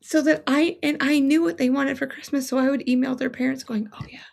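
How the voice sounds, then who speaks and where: A woman's voice: high-pitched, steady tone, a little fast, vocal fry, a little mellow. A woman guest in a casual chat, playful and teasing.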